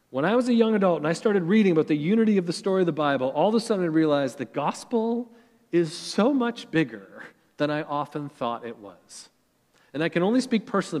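A male pastor preaching a sermon to his congregation, earnest and emphatic, building his points in rising lists. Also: a little high. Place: church sanctuary. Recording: church hall reverb.

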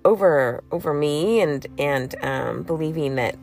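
A woman's voice: deep voice, animated, a little slow, creaky, darkish tone, faint music behind. A young woman giving a casual devotional talk and reading scripture aloud. She is chatty, laughs easily and uses many fillers. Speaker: faith vlogger.

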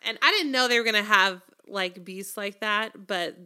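A woman's voice: medium pitch, normal speed, sharp tone, smooth. A young woman in casual chat, talking hesitantly with many fillers.

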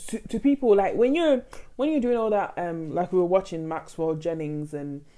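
A young woman, co-hosting a casual chat, expressive and emotional, rambling with many fillers. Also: on the low side, moderate pace. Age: young adult. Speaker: podcast co-host.

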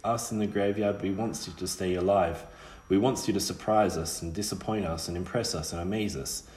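A man voicing a sharp-tongued ghostly witch girl in an audiobook reading. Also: low voice, fairly even intonation, fairly quick, echoey room, lightly acted. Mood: urgent.

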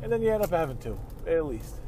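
Heated man, somewhat high voice, swearing and rambling from his car, faint road noise. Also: big pitch swings, fast talker, mellow. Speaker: vlogger ranting while driving. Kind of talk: casual profane rant. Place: inside a car.

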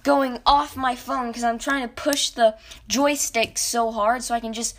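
A young woman telling a rambling, animated story about a video game as a podcast host. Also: a little high, a little slow. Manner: rambling, animated, self-interrupting. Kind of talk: casual storytelling.

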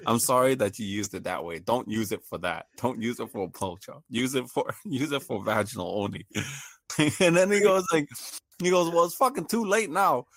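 A man's voice: medium pitch, lively intonation, moderate pace, no room sound. A man telling a funny story in casual chat, laughing often and acting out the voices of the people in it.

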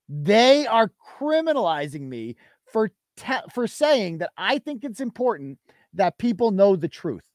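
A man's voice: sits high, no echo, studio quality. A male podcast host giving indignant, emphatic commentary on a live show.

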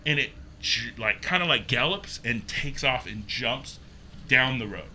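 A young man casually telling a ghost story, animated and acting out the quotes. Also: measured pace, a little hiss or hum. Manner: animated, acts out quotes with pitch jumps.

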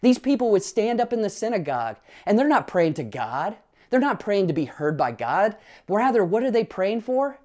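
A man's voice: high voice, sing-song, moderate pace, a little mellow. A man preaching a sermon as pastor, earnestly asking his listeners rhetorical questions and telling personal family stories.

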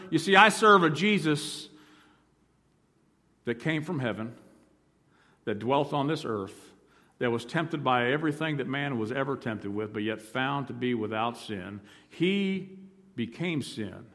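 A male pastor preaching a sermon, swinging from loud emphatic lines to low, hushed ones. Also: big-room sound.

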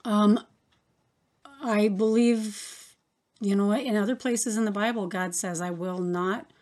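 Woman, Bible study teacher, casual and slow, talks things through with fillers. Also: mid-range voice, darkish tone. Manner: slow, thinking aloud with fillers, reading scripture.

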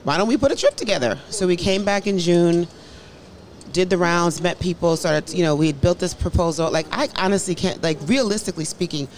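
A woman's voice: on the low side, a little fast. An American woman in her thirties, a guest professor, talking frankly in a casual chat and acting out quotes with little voices. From United States. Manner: frank storytelling, acts out quotes in other voices, swears freely.

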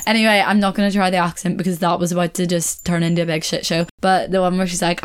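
A young woman vlogging in a casual chat to camera, talkative and quick to correct herself. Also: on the low side. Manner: chatty, self-correcting, laughs often.

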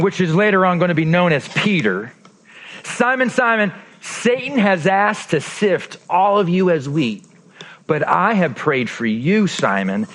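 A man with a fairly high voice preaches a sermon as a pastor in a church. He acts out quoted lines with lively energy, then drops into soft, intimate tones to press a point home.

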